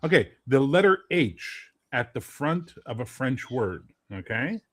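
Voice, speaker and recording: Man, casual podcast banter, very lively pitch, emphatic, swears freely. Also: unhurried. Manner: emphatic, profane, lively storyteller. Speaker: podcast co-host. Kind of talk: casual chat.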